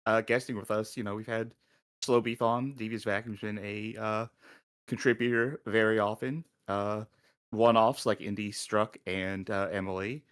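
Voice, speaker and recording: A man co-hosting a stream talks politely and hesitantly, leaning on fillers. His voice is on the low side. The sound is dry, with no room echo. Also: level tone, normal speed, fairly bright tone, clear, resonant tone. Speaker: co-host. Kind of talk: casual stream chat.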